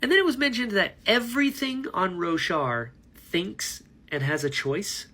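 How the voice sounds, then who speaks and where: A man's voice: high voice, lively intonation, measured pace, pushed and bright. A man talking casually to camera about a book he is reading, rambling and enthusiastic, laughing at himself. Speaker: book vlogger. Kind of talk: casual book reaction vlog.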